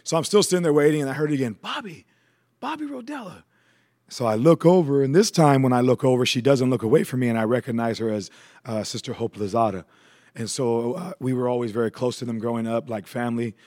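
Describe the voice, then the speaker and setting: Male guest, mid-pitched voice, casual storytelling with fillers. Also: fast. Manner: relaxed, conversational, with frequent fillers. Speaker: guest sharing his testimony.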